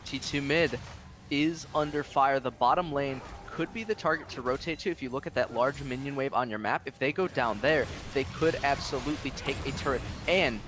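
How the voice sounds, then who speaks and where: A man's voice: mid-range voice, normal speed, noisy background. A man giving color commentary on an esports match, explaining the play and tagging points with "right?". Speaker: esports analyst.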